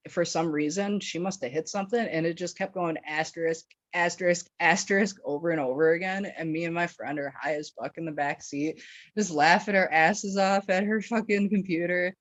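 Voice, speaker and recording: A Wisconsin woman, guesting on a podcast, tells a story in a fairly low voice at normal speed, rambling, swearing, laughing often and leaning on fillers. The lo-fi recording sounds dull and dry.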